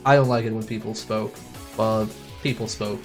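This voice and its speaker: A man's voice: on the low side, steady tone, moderate pace. A man streaming a racing game, chatting casually, swearing freely and acting out voices when he retells stories. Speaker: gaming streamer. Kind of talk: casual chat while playing. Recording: game music loud behind voice. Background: loud game music and car sounds.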